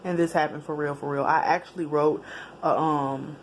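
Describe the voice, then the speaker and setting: Animated woman telling a story, casual slang. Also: low voice, moderate pace, slight background noise. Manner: animated, chatty, with slang and laughs. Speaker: vlogger telling a personal story.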